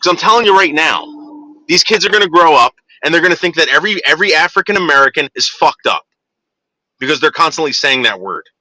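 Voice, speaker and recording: A man's voice: on the high side, animated, fast talker, sharp tone, no room sound. A man ranting heatedly to his viewers in a monologue, with profanity and frequent restarts. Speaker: vlogger.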